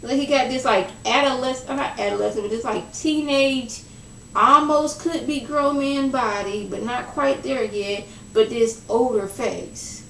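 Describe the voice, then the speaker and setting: A young woman chats through a reality show recap with a gravelly edge, dropping into a lower voice when she acts out what the cast said. She sounds a little off-mic, in an echoey room. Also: unhurried, recorded from a distance, slight background noise. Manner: chatty, gossipy, acts out quoted lines in lowered voice. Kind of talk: casual recap vlog.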